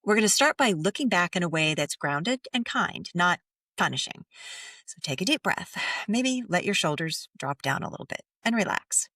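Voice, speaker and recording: A middle-aged woman hosting a podcast, speaking softly and slowly as she leads a gentle guided reflection, sometimes near a whisper. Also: on the low side, very animated, no room sound, studio quality, far from the mic. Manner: soft, slow and soothing, drops to near whispers. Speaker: podcast host.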